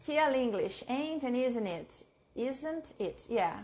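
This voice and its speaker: A Portuguese-speaking woman with a Brazilian accent, an English teacher giving a live online lesson, repeating phrases slowly for learners and mixing in Portuguese. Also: high voice, lively intonation, a little mellow. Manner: switches between English and Portuguese.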